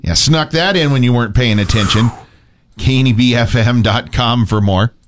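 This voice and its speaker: A man's voice: medium pitch, steady tone, normal speed, dry recording. A man hosting a morning radio show, chatting casually and making dry, self-deprecating jokes.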